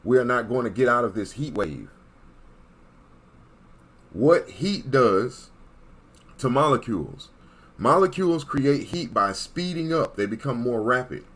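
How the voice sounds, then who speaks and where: An online commentator with a medium-pitched, slightly bright voice delivers an animated, preachy monologue at an unhurried pace, leaving long pauses. He hammers his points emphatically, repeats himself, and keeps checking in with listeners by asking "Okay?"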